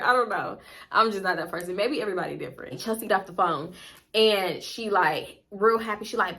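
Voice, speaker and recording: Bright-voiced young woman telling a story. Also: medium pitch, a little fast, vocal fry. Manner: blunt, animated, profane, gossipy storytelling. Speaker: vlogger. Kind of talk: casual storytime.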